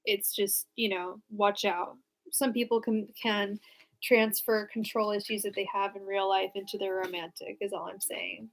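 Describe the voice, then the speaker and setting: A young woman tarot reader answers viewers during casual live readings, speaking at medium pitch in a level tone and at a moderate pace. She's frank and chatty, with plenty of fillers and restarts.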